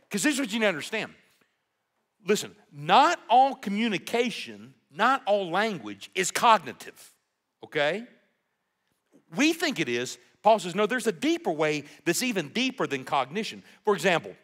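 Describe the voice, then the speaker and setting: Guy preaching, bright voice, pitch all over the place, lots of emphasis. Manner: animated, emphatic preaching with rhetorical questions. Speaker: pastor. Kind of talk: sermon.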